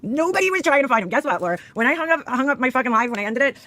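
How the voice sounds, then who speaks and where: Fast, lively sarcastic woman ranting. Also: high-pitched. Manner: blunt, sarcastic, swears a lot. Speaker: commentary streamer. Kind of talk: profane drama commentary.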